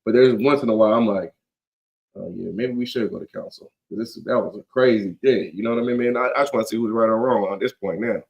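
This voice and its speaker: A man's voice: mid-range voice, quick pace, hardly any pauses, lo-fi sound. A man leading a casual scripture study in a conversational, slangy way, often checking in with "you get what I'm saying.".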